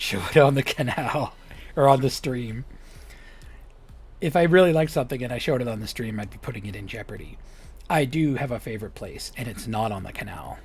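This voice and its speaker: A man's voice: medium pitch, a little mellow. A young adult man streaming a game, chatting casually with rambling, joking stories and whispered asides. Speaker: live streamer.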